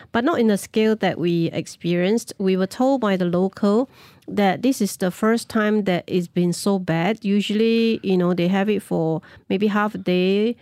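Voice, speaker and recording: A woman's voice: mid-range voice, darkish tone, dry recording, studio quality. A middle-aged woman, a guest speaking frankly and with self-mocking humour about her travels. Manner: frank, self-deprecating, laughs easily. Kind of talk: casual storytelling.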